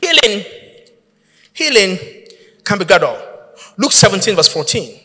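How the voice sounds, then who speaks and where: A man preaching a sermon, telling a story with lively acted-out voices and shouting at the peaks. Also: high-pitched, unhurried, breathy edge, in a large hall. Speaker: pastor.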